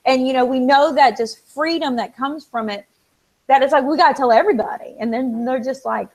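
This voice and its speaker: A woman's voice: sits high, brisk, poor audio. A woman co-hosting a casual chat, telling stories animatedly and acting out the people she quotes. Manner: animated storyteller, acts out quoted dialogue. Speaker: co-host.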